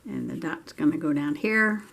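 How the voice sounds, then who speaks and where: A woman's voice: sits low, normal speed, fairly bright tone. A woman vlogger chatting casually to herself and viewers as she works on a craft project at home. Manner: chatty, thinking aloud while working.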